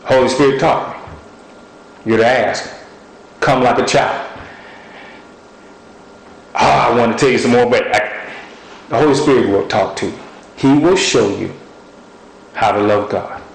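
A man preaching a sermon, telling personal stories in a lively, folksy way and sometimes quoting what God said to him. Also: mid-range voice, a little slow, creaky, long pauses, reverberant, rough recording. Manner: animated storytelling, folksy speech.

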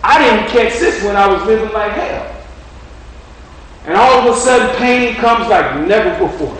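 A man preaching a sermon in a conversational style, repeating his phrases and swinging between loud and quiet. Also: high voice, animated, normal speed, slight background noise. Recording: echoey room from a distant mic.

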